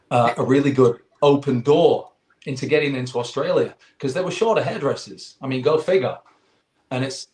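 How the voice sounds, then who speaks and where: An English man in his forties tells a rambling, animated story as a guest in an interview. His voice sits at an ordinary middle pitch. The room around him is echoey. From England. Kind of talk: casual chat.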